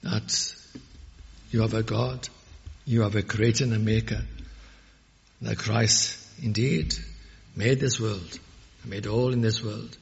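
A man preaching a sermon, fervent and emphatic, rising to loud peaks when he quotes scripture. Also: fairly low pitch, fairly even intonation, slow pace, gravelly, pauses often. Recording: muffled audio with long hall reverb.

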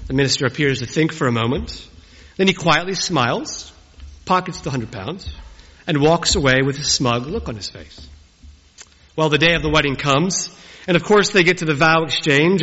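A man's voice: fairly high pitch, breathy edge. A man in his forties preaching a humorous wedding sermon in a church. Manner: warm, humorous, storytelling delivery. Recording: dull recording with long church reverb.

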